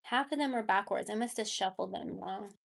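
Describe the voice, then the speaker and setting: A woman's voice: medium pitch, fairly quick, creaky. A woman giving a live tarot reading, chatting casually with her viewers. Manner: baby talk to her cat. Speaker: tarot reader.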